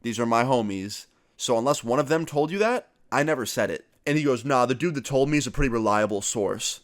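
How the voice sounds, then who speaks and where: A man's voice: mid-range voice, brisk. A young man casually retelling a school story as a vlogger, swearing freely and acting out both sides of the conversation. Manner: casual, profane, animated retelling. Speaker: youtuber. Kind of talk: storytime vlog.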